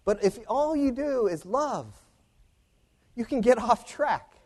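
A man preaching a sermon, animated, building to emphatic peaks and checking in with rhetorical questions. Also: extremely high pitch, slow, long reverb tail.

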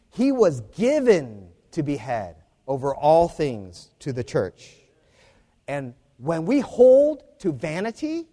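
A man preaching a sermon, animated, building to emphatic peaks and checking in with rhetorical questions. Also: medium pitch, long reverb tail.

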